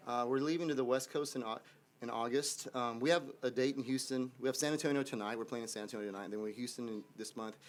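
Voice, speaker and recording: Band guy talking low and rambly in a radio studio, keeps restarting. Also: quick pace. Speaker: band member. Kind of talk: casual interview talk.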